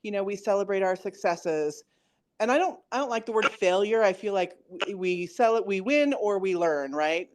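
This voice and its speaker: A woman's voice: mid-range voice, expressive, moderate pace, a little hiss or hum. Chatty woman telling a family story. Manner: chatty storyteller, quotes herself and her son. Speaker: coaching client. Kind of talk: casual conversation.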